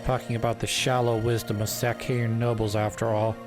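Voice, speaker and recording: A man's voice: fairly low pitch, little pitch movement, a little fast, over music, lightly acted. A man reading the lines of an arrogant male sorcerer commander in a game, sneering and self-satisfied. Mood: smug.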